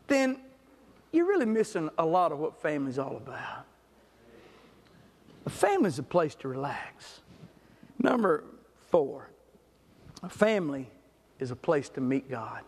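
A middle-aged man preaching a sermon, a folksy storyteller who swings between loud, animated stretches and quiet ones. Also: fairly high pitch, a little slow, long pauses, breathy edge. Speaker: pastor. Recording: long hall reverb.

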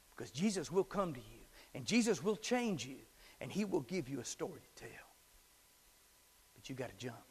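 A middle-aged man preaching a sermon as a pastor, swinging from hushed whispers to shouted climaxes. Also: on the high side, wildly swooping pitch, fairly quick, slightly rough, long reverb tail. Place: church sanctuary.

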